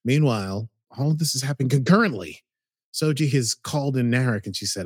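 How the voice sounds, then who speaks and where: A man co-hosting a podcast, retelling a TV episode in a casual, animated way. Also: medium pitch, slightly rough, dry recording, clean studio sound. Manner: animated storytelling, slips into quick quoted voices. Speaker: podcast co-host recapping a TV episode. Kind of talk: casual recap chat.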